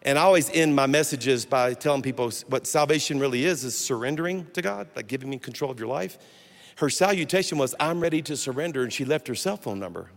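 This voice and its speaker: A pastor telling a lively, jokey story in a sermon, with many restarts. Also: male voice, medium pitch, quick pace, creaky. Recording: echoey hall.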